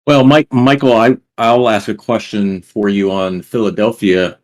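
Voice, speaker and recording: A man on a discussion panel speaking haltingly, with many fillers, inviting questions. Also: on the low side, steady tone. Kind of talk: casual group discussion.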